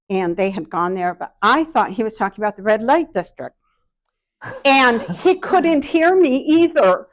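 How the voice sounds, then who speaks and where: A middle-aged woman giving a workshop talk, telling personal stories in a self-deprecating, anecdotal way. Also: a little high. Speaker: workshop speaker.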